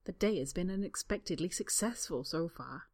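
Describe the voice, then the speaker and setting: A woman narrating a story in a calm, even reading voice. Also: on the low side, moderate pace. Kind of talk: storybook reading of fan fiction.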